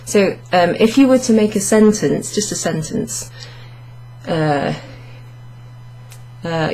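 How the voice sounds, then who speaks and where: A woman with a lowish, slightly mellow voice and lively intonation teaches an online French lesson to camera, speaking slowly, explaining step by step and correcting herself aloud. She's indoors under a hot studio light, recorded by the camera facing her.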